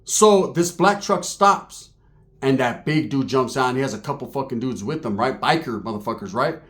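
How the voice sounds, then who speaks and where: A man's voice: mid-range voice, animated, normal speed, fairly bright tone. A man casually telling profane stories about prison and gang life in street slang, often tagging his lines with "right?".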